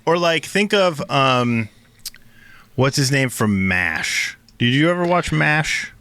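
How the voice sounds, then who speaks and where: A man's voice: medium pitch, animated, slow pace, bright, forceful tone, smooth, dry recording. A man co-hosting a casual podcast, quizzing his partner and explaining things playfully. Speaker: podcast co-host. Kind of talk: casual chat.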